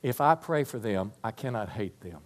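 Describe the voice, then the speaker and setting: Animated preaching man. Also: lowish voice, moderate pace. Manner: animated preaching, dropping to soft prayer. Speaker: pastor. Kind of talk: sermon.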